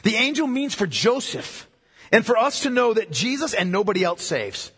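Emphatic preacher man, husky, in reverb. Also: animated, moderate pace, fairly bright tone. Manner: emphatic, repeats key phrases, drops to low voice for weight. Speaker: pastor. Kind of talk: sermon. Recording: long reverb of a large hall.

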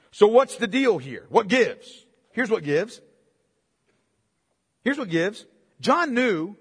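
High-voiced man preaching in echoing hall. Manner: animated, conversational preaching with direct questions to listeners. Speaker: pastor. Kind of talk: sermon.

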